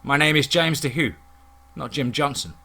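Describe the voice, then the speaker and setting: Guy telling a scary woods story in first person, steady dramatic delivery, bright tone. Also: fairly high pitch, moderate pace, vocal fry, breathy edge. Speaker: story narrator.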